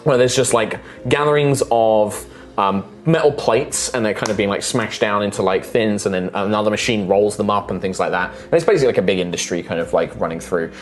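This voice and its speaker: A man narrating a tabletop game as game master, relaxed and full of fillers. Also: lowish voice, fairly quick, faint music behind. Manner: relaxed, many fillers like "um" and "kind of".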